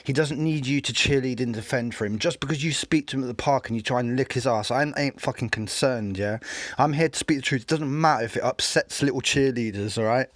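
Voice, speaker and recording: A man's voice: mid-range voice, a little fast, dry recording. A man giving scornful, mocking commentary over a recorded street debate.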